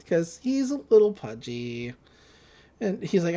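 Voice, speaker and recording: A woman hosting a podcast, recapping a cartoon episode in casual chat, with frequent laughs and quick quoted asides. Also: medium pitch, very animated, warm tone. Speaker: podcast host.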